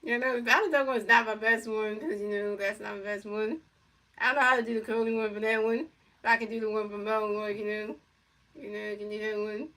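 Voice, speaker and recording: Distant, flat-toned woman calling a game. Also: mid-range voice, a little fast. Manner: rambling, full of fillers and repeated phrases. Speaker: gamer doing play-by-play. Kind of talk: casual play-by-play commentary over a video game.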